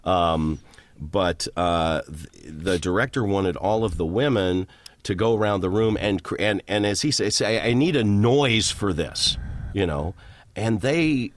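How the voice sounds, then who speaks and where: Low-voiced man telling long stories. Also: a little slow, dry recording. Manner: rambling, animated, jumps into character voices. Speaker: voice actor. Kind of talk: storytelling interview guest.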